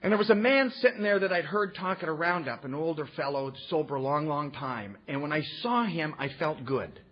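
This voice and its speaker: A man's voice: on the high side, animated, fairly quick. A man sharing his recovery story with a meeting audience, earnest and folksy, throwing in rhetorical "huh?" asides. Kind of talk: personal storytelling talk to an audience. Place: meeting room before an audience. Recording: muffled recording with faint background noise.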